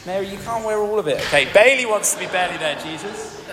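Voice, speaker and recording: A man's voice: high voice, fast talker, a crowd in the background. A man with a posh English accent, a vicar giving a playful family sermon, drawing in the congregation. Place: large church. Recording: echoey church hall.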